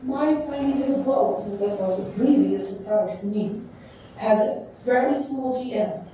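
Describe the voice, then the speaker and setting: A woman teacher giving a classroom lecture, thinking aloud in halting phrases while she draws on a board. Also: a little high, warm tone, slight background noise. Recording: echoey dull room sound from far off.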